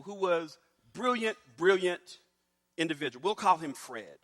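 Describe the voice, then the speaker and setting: Man telling a story, bright tone, slightly high pitch, long hall reverb, acts out voices. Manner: animated, acts out quoted voices. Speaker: speaker. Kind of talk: storytelling talk.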